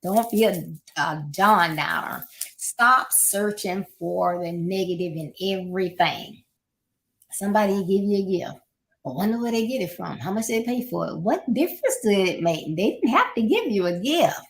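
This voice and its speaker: A woman's voice: mid-range voice, lively intonation, normal speed, slight background noise. A middle-aged woman hosting a podcast, giving casual motivational advice and repeating her points with encouraging asides. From Florida, United States.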